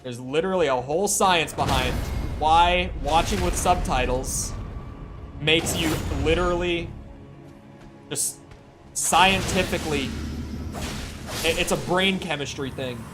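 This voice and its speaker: A man's voice: on the high side, unhurried, long pauses, over music. A man chatting casually with viewers during a live gaming stream, rambling and swearing freely. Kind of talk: casual live-stream chat while playing.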